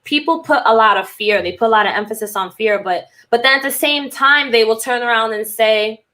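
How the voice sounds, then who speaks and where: A woman's voice: fairly high pitch, a little fast, bright, forceful tone. A woman podcast host and cult recovery coach in a candid, rambling casual monologue who swears freely.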